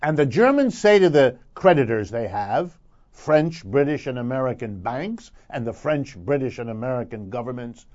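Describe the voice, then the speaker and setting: A man's voice: mid-range voice, expressive, moderate pace, a little mellow, lo-fi sound. A man giving a radio commentary segment, emphatic and lecturing, building his points through repetition. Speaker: economic commentator.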